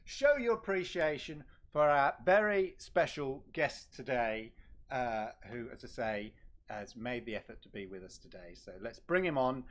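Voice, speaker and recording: A man hosting a casual live stream, talking in a teasing, halting way with frequent fillers and repeats. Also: mid-range voice, expressive, fairly bright tone. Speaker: host.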